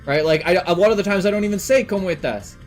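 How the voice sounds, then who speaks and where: A young Canadian man rambles through a casual stream chat, his high-pitched voice moving fast and packed with fillers and swearing. Faint music plays behind him.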